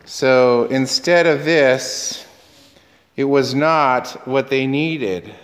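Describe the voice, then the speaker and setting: Male pastor, sermon, unhurried delivery, big echoing church. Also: on the high side, fairly bright tone. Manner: conversational, quizzes the congregation, acts out quoted dialogue.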